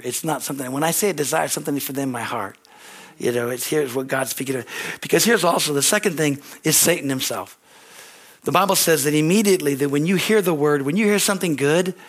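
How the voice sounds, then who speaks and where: A middle-aged male pastor preaching a sermon, animated and storytelling, calling out amen. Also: a little high.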